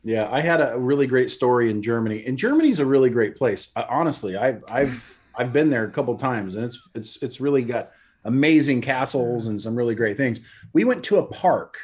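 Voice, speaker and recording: A man's voice: mid-range voice, expressive, fairly quick, darkish tone, breathy edge. A man co-hosting a podcast, chatting casually in an easygoing, storytelling way. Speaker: podcast co-host.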